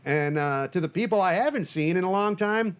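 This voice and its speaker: A man's voice: sits high, expressive, brisk, smooth. A man hosting his own podcast, talking in a jokey, rambling, self-deprecating way in a casual monologue. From Northern Michigan. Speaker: podcast host.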